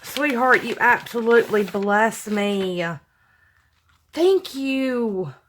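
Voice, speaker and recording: Lady vlogger, slow and gushy, lots of oh my goodness and y'all, paper crinkling behind. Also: a little high, lively intonation, fairly bright tone, a little hiss or hum. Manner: gushing, effusive, sighing with emotion. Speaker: crafting vlogger opening fan mail. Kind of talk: casual unboxing chat to viewers. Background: crinkling paper and packaging.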